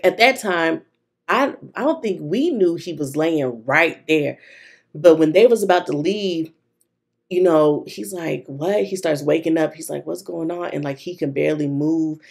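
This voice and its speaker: Young woman planner vlogger, low and creaky, easygoing storyteller. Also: a little mellow. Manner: chatty storytelling addressed to viewers. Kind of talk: casual chat while decorating a planner.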